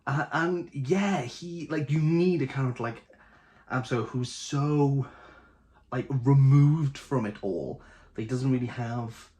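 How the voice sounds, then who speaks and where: A man's voice: medium pitch, slow. A young man with a Welsh Valleys accent, chatting casually and jokily to camera as host of a book channel. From Wales. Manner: chatty, jokey, animated.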